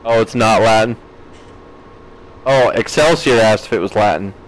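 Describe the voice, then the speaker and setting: This streamer has a lowish voice and speaks at a moderate pace over poor audio. While playing a farming game, he casually reads and replies to his chat, with frequent laughs.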